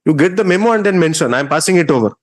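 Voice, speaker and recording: Stern fast-talking Indian judge. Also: male voice, a little high, lively intonation. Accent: Indian English. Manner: stern, lecturing, rebuking. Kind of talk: courtroom hearing. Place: courtroom.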